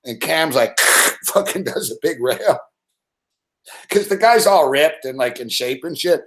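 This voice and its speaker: A man hosting a sports betting show, telling a late-night story in a profane, rambling, animated way. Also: fairly high pitch, unhurried, reverberant.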